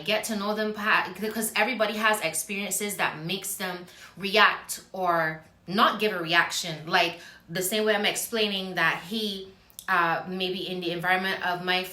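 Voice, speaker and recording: A woman's voice: mid-range voice, sharp tone, roomy sound. A woman co-hosting a casual chat, explaining earnestly with everyday examples. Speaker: co-host.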